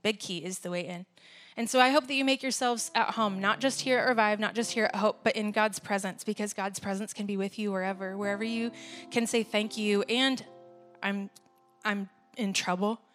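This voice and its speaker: A woman's voice: medium pitch, fairly even intonation, moderate pace, a bit bright, faint music behind. A woman leading a church service, talking casually and laughing at herself. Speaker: worship leader. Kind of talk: sermon with casual asides.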